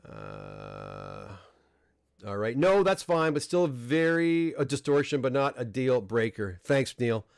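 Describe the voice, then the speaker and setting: A middle-aged Canadian man hosting a casual livestream unboxing, talking in a relaxed, rambling way with frequent restarts and fillers. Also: mid-range voice, takes it slowly, creaky, clean tone, no room sound. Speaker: comic book dealer and host. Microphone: desk microphone close up.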